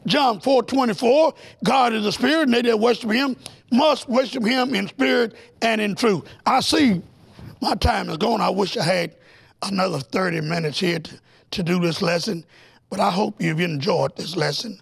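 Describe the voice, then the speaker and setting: A middle-aged male preacher giving a television Bible lesson, emphatic and full of rhetorical questions to his listeners, climbing to excited, near-shouted peaks. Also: high-pitched, moderate pace, vocal fry, breathy edge.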